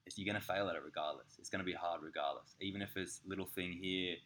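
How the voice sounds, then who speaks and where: A man, co-hosting a casual podcast and telling candid, sweary stories with lively impressions. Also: sits low, quick pace. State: slightly sick. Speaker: podcast co-host. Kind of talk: casual chat.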